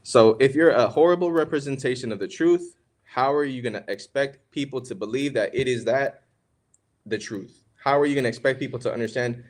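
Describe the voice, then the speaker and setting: A young man of middle pitch talks through a religious lesson on marriage like a casual podcast chat. He keeps calling listeners "man" and "bro" and asks a lot of rhetorical questions. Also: a little fast, a little mellow. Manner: conversational, preachy, calls listeners "man" and "bro". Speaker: podcast co-host. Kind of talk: casual religious teaching talk.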